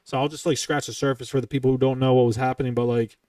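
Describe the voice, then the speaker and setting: A man's voice: medium pitch, level tone, racing, darkish tone, no room sound. A man in his twenties hosting a podcast, telling a long story in casual, heavily profane, rambling chat. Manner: profane, heated, rambling retelling. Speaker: podcast host. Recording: dry, somewhat distant from the mic.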